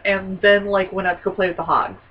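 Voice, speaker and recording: A woman's voice: medium pitch, brisk. A woman co-hosting a podcast, chatting casually about a movie with wisecracking asides. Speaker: podcast co-host. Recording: distant, dull lo-fi audio.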